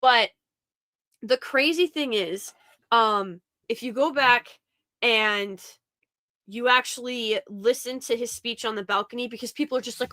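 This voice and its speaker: A woman hosting a casual podcast chat, talking in a bright, clear, slightly high voice. She is animated and quick to act out what other people say, with plenty of "like" along the way. The sound is close and dry. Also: dry recording. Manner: animated, quotes others in mock voices, frequent "like" fillers. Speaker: podcast host.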